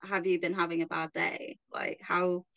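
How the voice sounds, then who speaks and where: Muffled, low-voiced woman host. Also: flat delivery, moderate pace, no room sound. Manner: curious, affirming listener. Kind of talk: casual conversational chat. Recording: slightly dull, muffled sound.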